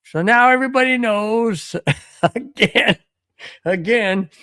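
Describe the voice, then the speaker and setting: An American man co-hosting a casual sports podcast, telling a rambling story and reading out viewer chats in an excitable way. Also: high voice, takes it slowly, no echo, clean studio sound. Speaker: podcast co-host.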